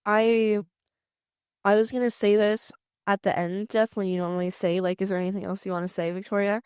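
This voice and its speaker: Smooth-voiced chatty female co-host. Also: mid-range voice, level tone, a little fast, a little mellow, no room sound, studio quality. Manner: chatty, lots of "like" fillers. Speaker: podcast co-host. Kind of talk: casual conversational podcast chat.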